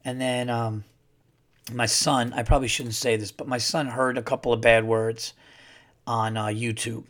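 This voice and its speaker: A man's voice: mid-range voice, level tone, normal speed, a bit bright. A man hosting his own podcast alone, rambling and swearing as he rants in a worked-up way. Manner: rambling, profane, worked-up ranting. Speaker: podcast host. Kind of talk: casual solo podcast monologue.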